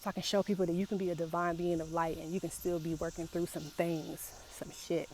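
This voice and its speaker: A woman's voice: on the low side, little pitch movement, darkish tone, slight background noise. Emotional woman in a raw confessional vlog. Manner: emotional, halting, repeats herself. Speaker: vlogger.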